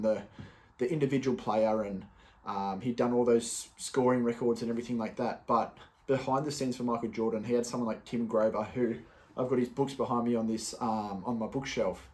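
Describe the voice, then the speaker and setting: A man's voice: mid-range voice, darkish tone. A young man talking casually on his solo podcast, loose and chatty, with many fillers and restarts. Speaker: podcast host.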